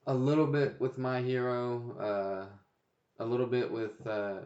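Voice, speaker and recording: Casual young male co-host, average pitch, profane, rambling. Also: little pitch movement, slow, a little mellow, roomy sound, dull audio. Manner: loose, profane, trails off into restarts. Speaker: podcast co-host. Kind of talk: casual chat.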